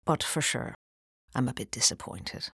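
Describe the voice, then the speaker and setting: A woman reading aloud, voicing a big, kindly priest who teases gently and slips into whispers. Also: rumbling low, animated, normal speed, gravelly, slightly rough, dry recording, clean studio sound, voice pushed down, full character voice. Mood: playful. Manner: teasing, mellow and throaty, sometimes whispering. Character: Father Cassidy, genial Irish priest, big man. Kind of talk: audiobook character voice.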